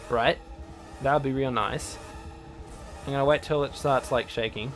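A young man in casual let's play commentary, swearing a lot and bursting into yells at enemies. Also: medium pitch, normal speed, pauses often. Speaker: gaming channel host. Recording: faint game music behind.

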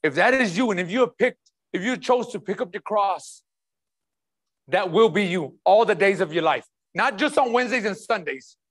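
A man with a high voice preaching a fervent sermon. He hammers home his points with repeated questions. His phrasing stays loose and conversational. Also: expressive, moderate pace, fairly bright tone. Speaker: pastor.

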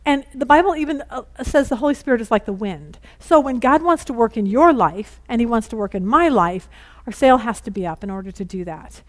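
Rushed for time, this middle-aged Bible study teacher talks in a fairly high, chatty, candid way during a casual lesson. Family exchanges come alive as she voices each person in quotes.

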